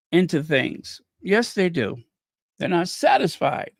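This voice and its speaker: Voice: medium pitch, big pitch swings, slow, dry recording, studio quality. A channel host giving chatty, opinionated commentary with laughing asides. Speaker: host of a royal news channel. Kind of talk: casual commentary.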